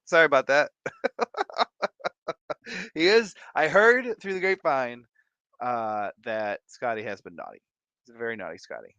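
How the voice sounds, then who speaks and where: A man's voice: medium pitch, expressive, moderate pace, long pauses, bright, forceful tone, clear, resonant tone, no room sound, highs cut off. A man in his thirties hosting a casual live stream, playful and sing-song as he greets viewers by name, sounding tired. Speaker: livestream host.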